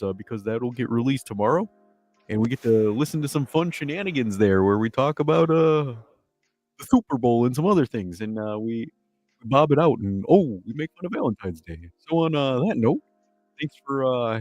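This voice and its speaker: A man's voice: medium pitch, darkish tone, no room sound, voice pushed up, close to an everyday voice. A man putting on a hammy Canadian accent, playing a folksy, friendly guy closing out a stream. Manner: hammy, drawn-out fillers.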